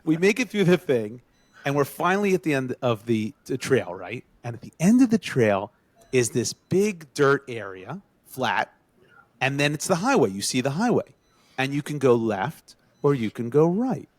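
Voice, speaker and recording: A podcast co-host tells a story to friends in casual chat, speaking at a moderate pace in a dry recording. He's animated, acting out the quotes with a rising pitch.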